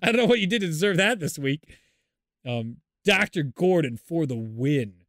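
A man co-hosting a podcast in casual chat, animated and rambling, laughing often. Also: a little high, moderate pace, no room sound, studio quality. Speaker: podcast co-host.

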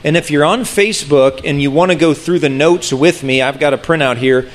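A man preaching a sermon in an earnest, conversational way, often restarting phrases and slowing down to stress key words. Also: on the high side. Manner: earnest, with frequent restarts and slowed emphasis. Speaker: pastor.

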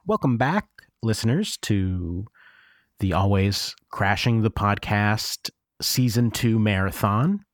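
A man from Scranton, Pennsylvania, co-hosts a comedy podcast, teasing his partner with incredulous jabs. His voice is low but jumps around a lot in pitch. The recording is close and dry. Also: lively intonation, slow pace, no echo. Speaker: podcast co-host. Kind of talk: improvised comedy podcast banter.

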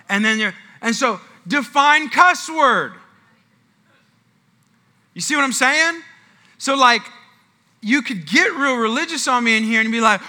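A man's voice: extremely high pitch, animated, unhurried, long pauses, sharp tone. A male pastor telling a chatty story at a church Q&A, with lots of restarts and asides. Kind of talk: sermon-style Q&A at church.

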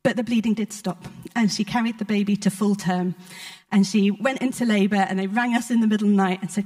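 A woman from the United Kingdom speaks to a church congregation, recounting a personal testimony. She talks at an ordinary, mid-range pitch in a sincere, conversational way. Her speech is sprinkled with soft hesitations as she tells the story. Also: steady tone, quick pace. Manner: personal, heartfelt testimony with frequent ums. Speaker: preacher. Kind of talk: sermon storytelling.

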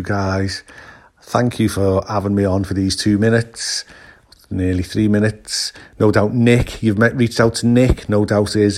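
A man's voice: fairly low pitch, darkish tone. A man with an English accent, sending in a rambling, jokey message as a guest contributor. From England. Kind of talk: casual recorded message.

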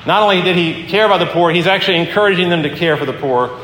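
A man's voice: high-pitched, fast talker, a bit bright, a little hiss or hum. A male pastor giving a sermon in an earnest, conversational way, often restarting his sentences. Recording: echoey hall with faint ambience.

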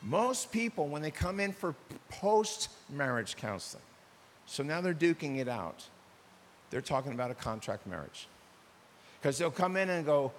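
Older man, pastor, sermon, animated, acts out dialogues, slightly high voice, long hall echo. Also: moderate pace. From United States. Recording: long hall reverb with faint hiss.

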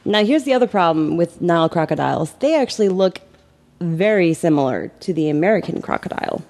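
A woman's voice: lowish voice, expressive, fairly quick, darkish tone. A woman co-hosting a casual podcast chat, reading out her research findings and swearing freely. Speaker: podcast co-host.

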